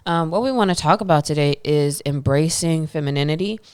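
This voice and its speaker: A woman with a low, smooth and resonant voice chats easily as a podcast co-host. She sounds laid-back and slangy, meandering through her points with casual fillers. The sound is dry and close. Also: a little fast, a little mellow, dry recording. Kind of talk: casual chat.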